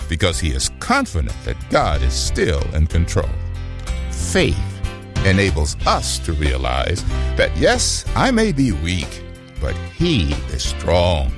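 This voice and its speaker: A man giving a scripted devotional radio reading with a dramatic, expressive delivery. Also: low voice.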